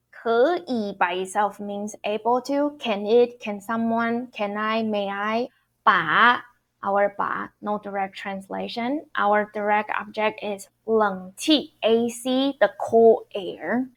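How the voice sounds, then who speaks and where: A woman's voice: a little high, fairly bright tone. A woman, teaching Mandarin tones online, patiently explaining step by step and repeating each word. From Taiwan. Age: 30s. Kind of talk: online language lesson.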